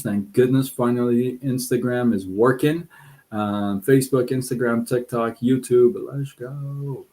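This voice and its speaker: A man's voice: mid-range voice, moderate pace. A man hosting a live stream, chatting casually with viewers and telling a story. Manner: relaxed, chatty, many fillers and restarts.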